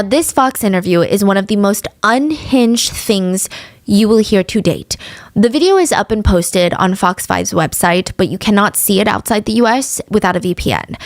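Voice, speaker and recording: A woman's voice: medium pitch, no echo. A woman hosting a true-crime podcast, chatty and opinionated, who sometimes drops her voice to a whisper. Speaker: podcast host.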